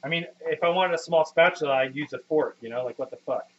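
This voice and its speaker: A man's voice: fairly high pitch, fast, fairly bright tone, a little hiss or hum. Profane, rambling man live-streaming his cooking. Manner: rambling, profane, self-deprecating, talks to chat. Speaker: streamer cooking while chatting with viewers. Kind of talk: casual live-stream chat. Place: home kitchen. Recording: muffled lo-fi stream audio.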